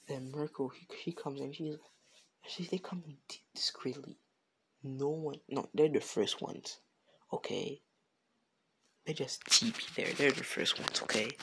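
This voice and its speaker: A man's voice: medium pitch, pushed and bright, slightly rough. A man improvising a fan story off the top of his head, rambling and self-correcting with a slangy, casual manner. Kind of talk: improvised fan-fiction narration.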